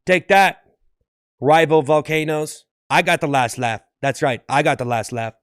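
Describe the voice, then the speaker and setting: A man voicing a smug male volcano that gloats about erupting last, in a low, sighing way in an improvised sketch. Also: steady tone, unhurried, no echo, studio quality, lightly acted. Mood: gloating.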